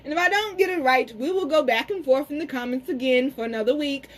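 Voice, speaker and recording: A woman's voice: sits high, low-quality recording. Chatty, salty-mouthed woman reading cards. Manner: frank, chatty, curses freely, addresses viewers as y'all; slows down to pronounce some words carefully. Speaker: tarot and spiritual reader. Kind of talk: casual card reading to camera.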